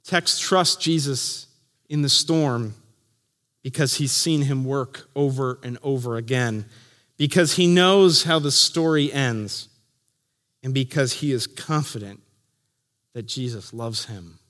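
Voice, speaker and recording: Slow, earnest pastor in a reverberant hall. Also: male voice, mid-range voice. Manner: slow and earnest, dropping soft at line ends. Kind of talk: sermon. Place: church chapel.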